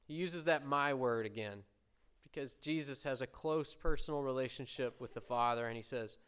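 A man preaching a sermon, earnestly explaining scripture and slowing down to voice prayers with emphasis. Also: mid-range voice, fairly bright tone, clean tone. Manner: earnest, slows and swells when voicing prayers.

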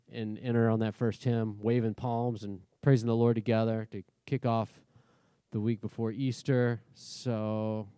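A pastor preaching a sermon in a conversational way, leading a prayer and often checking in with the congregation. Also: male voice, medium pitch, dark tone, clean tone, dry recording, clean studio sound. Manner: conversational, asks the congregation questions.

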